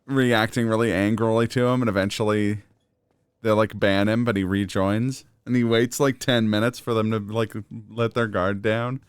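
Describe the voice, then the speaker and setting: A man's voice: on the low side, fairly even intonation, normal speed, clean tone, no room sound, clean studio sound. A man chatting casually on a live gaming stream, often laughing and rambling through stories.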